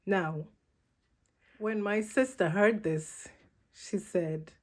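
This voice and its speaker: A woman from Uganda, hosting a reflective vlog in a measured, deliberate way. Her Ugandan accent has shifted toward American. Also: mid-range voice. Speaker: vlogger, channel host.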